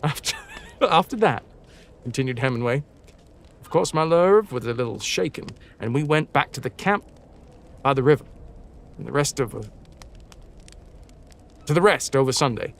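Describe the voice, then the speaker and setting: A man's voice: mid-range voice, animated, normal speed, creaky, long pauses. A man reading old campfire stories aloud on a live stream, stumbling over words and breaking off for casual, swearing asides. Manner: casual, swears now and then; jumps between quiet asides and loud, sing-song emphasis.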